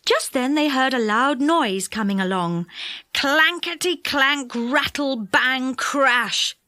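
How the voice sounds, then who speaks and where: A woman narrating a children's storybook audiobook with lively, expressive delivery. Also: high-pitched, slow pace, no echo. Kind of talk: storybook reading. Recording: dry close studio sound.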